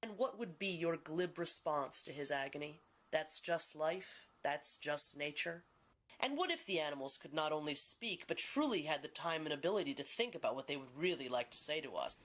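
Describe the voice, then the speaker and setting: A woman giving dramatic scripted film narration in a grave, solemn, deliberate manner. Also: sits low, lively intonation, a bit bright.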